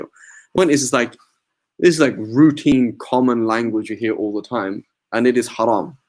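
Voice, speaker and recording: A man giving an informal religious class in a mosque, talking conversationally, often checking in with "right?" and mixing in Arabic religious terms. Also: lowish voice. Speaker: religious teacher.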